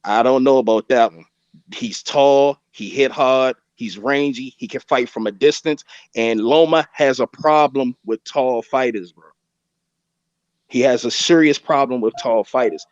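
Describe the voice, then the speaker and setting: A man's voice: mid-range voice, unhurried, no echo. A man on a video call, arguing boxing in a heated casual debate and repeating his points insistently. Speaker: boxing podcast panelist. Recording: dull lo-fi call audio.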